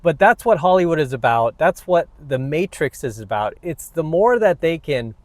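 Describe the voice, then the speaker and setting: A man's voice: fairly high pitch, animated, normal speed, no room sound. Blunt, combative man ranting to camera. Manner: blunt, combative and preachy, many "you know what"s. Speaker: vlogger, self-help channel host.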